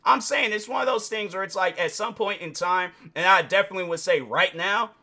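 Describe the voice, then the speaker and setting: A male vlogger with a bright, forceful voice that sits a little above the usual pitch for a man. He talks casually and animatedly, throwing in slang and speaking straight to his viewers, and now and then slips into excited high impressions of other people. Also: fairly quick. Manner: informal slang, addresses viewers directly. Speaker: YouTube reaction host. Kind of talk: casual opinion commentary.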